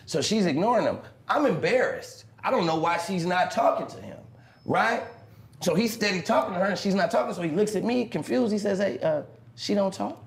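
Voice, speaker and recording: A man's voice: sits high, lively intonation, brisk, echoey room. A man being interviewed, telling stories with lots of swearing and acting out other people's voices. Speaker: interviewed pimp. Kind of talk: animated storytelling. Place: interview clip played on a stream.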